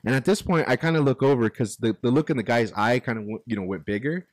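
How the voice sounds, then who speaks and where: A man in a recording studio talks through a story at an easy, ordinary pitch. He curses freely and slips into the voices of the people he quotes. The sound is dry and close, with no room around it. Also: fast, no echo. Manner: animated, profane, acts out quotes. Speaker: podcast co-host. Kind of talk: casual storytelling.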